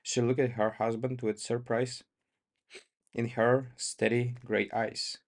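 A man reads a classic short story aloud at a slow, careful pace. He halts often and goes back to correct his own slips. His voice sits at a middling pitch. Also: flat delivery. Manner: halting, stops to correct himself. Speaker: reader.

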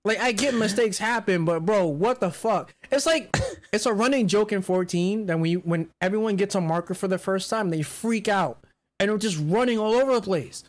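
Profane, animated man telling stories. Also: sits high, moderate pace. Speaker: podcast co-host. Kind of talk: casual chat.

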